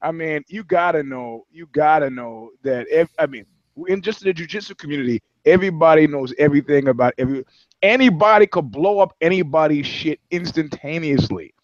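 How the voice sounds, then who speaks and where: A podcast co-host speaks in a fairly high, lively voice at a brisk clip, bantering casually and rambling through profane anecdotes. The audio is dry with no echo, though slightly dull.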